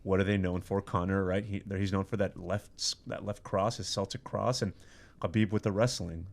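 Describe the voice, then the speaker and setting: A man, a podcast guest, chatting casually in a studio and telling lively stories with frequent laughs and quick restarts. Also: deep voice, vocal fry. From Iran. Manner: animated storyteller, laughs often, quick restarts. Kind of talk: casual chat.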